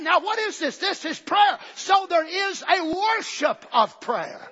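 A preacher delivers a fiery revival sermon in a strikingly high, bright, forceful voice. He swings from ringing shouts down to low, conversational asides. The recording is dull and lo-fi. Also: big pitch swings, a little slow, few pauses, in a large hall. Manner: bursts into shouts, then drops low and conversational.

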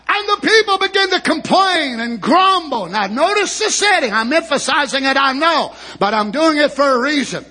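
A man preaching a sermon with impassioned, shouted bursts and drawn-out phrases. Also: extremely high pitch, expressive.

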